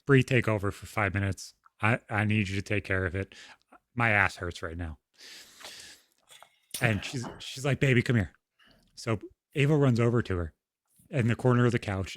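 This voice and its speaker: A man's voice: fairly low pitch, no room sound, clean studio sound. Frank, foul-mouthed young man. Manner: frank, heavy swearing, storytelling. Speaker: podcast co-host. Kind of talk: casual podcast conversation.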